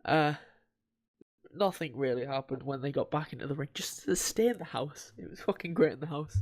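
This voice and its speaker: A man's voice: fairly high pitch, brisk. A man co-hosting a podcast, recapping in a rambling way with swearing and laughter. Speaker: podcast co-host. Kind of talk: casual chat.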